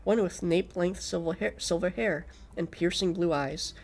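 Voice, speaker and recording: A man's voice: sits high, normal speed, creaky. A man streaming a game, reading it aloud and chatting casually, sleepy and yawning, swearing often. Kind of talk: game stream chat and narration.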